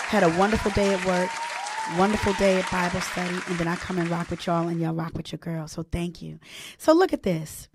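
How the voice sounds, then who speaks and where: A woman hosting a radio show, chatting casually with her listeners, animated and laughing often. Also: fairly low pitch, fairly quick, slightly rough, some chatter behind. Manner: animated, laughs a lot, sings playful bits.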